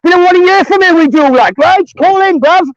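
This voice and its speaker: A man's voice: extremely high pitch, a little fast, no room sound. A man with a Welsh accent calling in to a sports talk show, chatty, tagging his sentences with "right?". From Wales. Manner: chatty, tags lines with "right?". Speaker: caller. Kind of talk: casual call-in chat. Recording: dry, dull phone-line sound.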